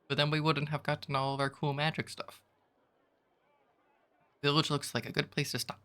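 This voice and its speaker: A man's voice: fairly high pitch, monotone, moderate pace, fairly bright tone. A male streamer reading a gamebook aloud, with casual, chuckling asides.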